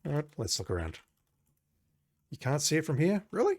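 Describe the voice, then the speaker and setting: A man's voice: a little high, wildly swooping pitch, moderate pace, breathy edge. A man playing an old adventure game, reading its text aloud and adding wry, joking asides. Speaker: game commentator.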